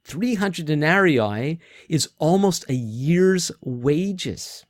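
A man's voice: fairly high pitch, lively intonation, dry recording. Man preaching in a dry, close voice. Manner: thoughtful, conversational preaching with pauses and restarts. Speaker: pastor. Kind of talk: sermon.

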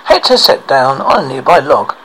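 A man narrating a children's storybook aloud, expressive, with small slips and restarts. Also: medium pitch, normal speed, a little hiss or hum, poor audio.

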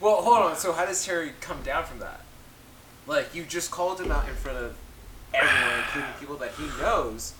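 A man's voice: a little high, fairly quick, roomy sound, crowd noise, poor audio. A man hosting a casual podcast, asking easy follow-up questions. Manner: laid-back, asks follow-up questions. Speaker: podcast host. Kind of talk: casual chat.

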